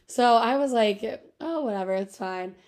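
A woman's voice: fairly high pitch, animated, moderate pace, darkish tone. A young woman in her twenties co-hosting a podcast, telling a story in casual chat, full of filler words and laughing often. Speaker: podcast co-host.

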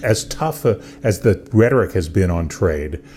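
A man's voice: sits low, animated, normal speed, darkish tone, slight background noise. A man hosting an interview, setting up questions thoughtfully and at length. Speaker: podcast host.

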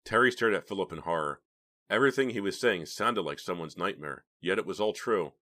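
A man narrating a horror novel as an audiobook reader, in steady, dramatic storytelling. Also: deep voice, brisk. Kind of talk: scripted narration.

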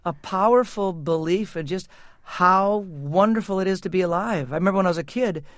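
A man's voice: sits high, fairly quick, no echo, studio quality. A middle-aged man, a musician guest, talking thoughtfully and earnestly in an interview and laughing easily. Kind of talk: reflective interview talk.

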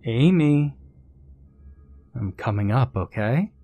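A man's voice: medium pitch, big pitch swings, measured pace, darkish tone, breathy edge, voice pushed up, exaggerated voice. A sneering young tough who talks down to everyone, as a male narrator puts him on. He mocks and taunts with a raised, hard voice. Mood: taunting. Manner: taunting, contemptuous. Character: mean, mocking young man, a bully.

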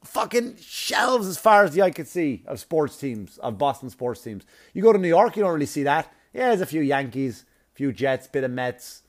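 A man doing stand-up, telling a long story in a profane, animated way with laughing asides. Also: on the high side, moderate pace. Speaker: comedian.

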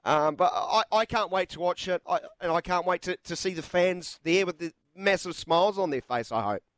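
A man's voice: sits high, moderate pace, fairly bright tone, dry recording. A man hosting live sports talkback radio in a studio, chatty and jokey with lots of filler words. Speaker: radio sports show host. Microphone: studio microphone.

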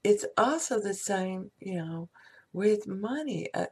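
Slow, gravelly-voiced woman giving spiritual advice. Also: medium pitch, lively intonation. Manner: slow, meandering, soft affirmations. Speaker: spiritual speaker. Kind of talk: casual spiritual talk.

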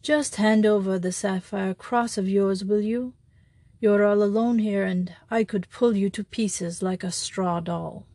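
Bold male thief in a priest's disguise, low and grave, mocking read by a woman narrator. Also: fairly even intonation, a little slow, dark tone, dry recording. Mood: menacing.

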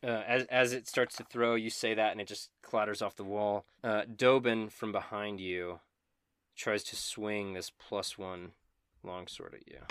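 A man's voice: lowish voice, a bit bright, a little hiss or hum. A man running a tabletop game as game master, narrating in a casual, profane way. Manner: casual, profane, quick asides.

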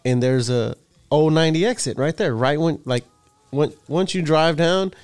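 A man's voice: on the high side, normal speed, darkish tone, clear, resonant tone, no room sound. A middle-aged man, telling a rambling, profane story in casual podcast chat. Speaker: podcast co-host.

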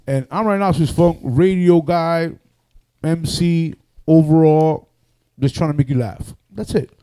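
New radio guy telling wild stories, jumps all over in pitch, dark mellow voice, swears a lot. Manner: animated, loud, acts out other people's voices, swears often. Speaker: radio personality and MC. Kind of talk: casual storytelling on a podcast.

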